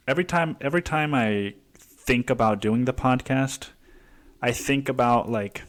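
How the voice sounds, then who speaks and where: A man in his twenties hosting a casual solo podcast, rambling with heavy swearing and many restarts. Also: medium pitch. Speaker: podcast host.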